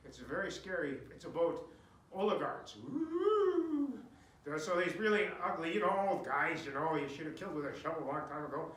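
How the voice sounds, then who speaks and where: A man's voice: a little high, fast talker, hardly any pauses, fairly bright tone. A man, talking casually and joking on the stage of a barn theater. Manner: jokey, folksy, rambling. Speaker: theater venue owner. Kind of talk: casual rambling address. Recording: echoey room in a barn theater.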